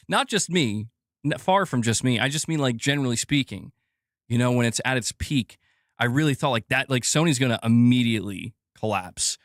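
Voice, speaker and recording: A man's voice: medium pitch, normal speed, fairly bright tone, dry recording, studio quality. A man hosting a live gaming news stream, ranting casually and swearing as he talks to his chat.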